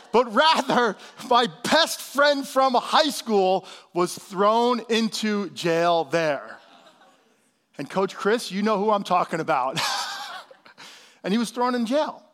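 A man's voice: high voice, slow. Fervent preacher man in his fifties. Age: 50s. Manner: animated preaching, drops to soft hushed tones for emphasis; calls out to the congregation for responses. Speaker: pastor. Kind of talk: sermon.

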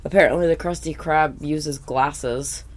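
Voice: mid-range voice, a little slow. Blunt, swearing podcast host. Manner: blunt, animated, heavy swearing. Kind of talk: casual chat recapping a cartoon.

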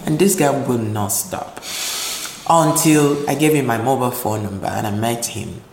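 A man from Nigeria telling his life story in an interview, animated and acting out voices in the quotes. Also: medium pitch, moderate pace, gravelly, slight background noise. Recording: roomy echo with faint ambience.

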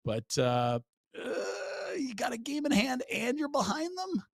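Male sports host, brash and joking, animated delivery, dry studio sound. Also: very high voice, a little slow, no echo. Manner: brash and joking, swears freely, laughs often. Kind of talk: casual hockey talk show. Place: broadcast studio.

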